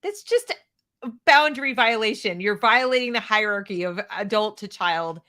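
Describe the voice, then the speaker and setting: A woman's voice: mid-range voice, expressive, normal speed, bright, forceful tone. An American woman giving opinionated commentary, sarcastic and mocking the clips she reacts to. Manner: sarcastic, mocks quoted clips.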